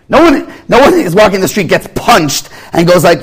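A man preaching a sermon with a husky, slightly breathy voice, his pitch rising and falling in lively swings. He sits a little higher than most men and acts out small scenes in other voices to make his points. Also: moderate pace, hardly any pauses. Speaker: rabbi.

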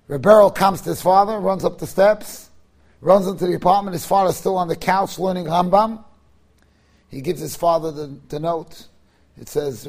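A man, a rabbi, giving a sermon and telling a story in an animated way, moving between hushed passages and loud ones. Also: high-pitched, moderate pace.

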